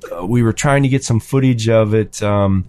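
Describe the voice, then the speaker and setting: A man's voice: fairly low pitch, normal speed, a little mellow. A man with a thirteen-year-old son, telling a casual anecdote with lots of fillers and restarts. His voice climbs sharply when he quotes himself or his son. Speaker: storyteller in a hobby chat.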